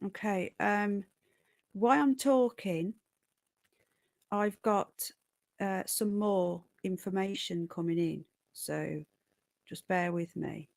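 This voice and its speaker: A woman's voice: medium pitch, slow pace, vocal fry, pauses often, no room sound, clean studio sound. A woman hosting a casual livestream, chatting with viewers and thanking them by name. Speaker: livestream host.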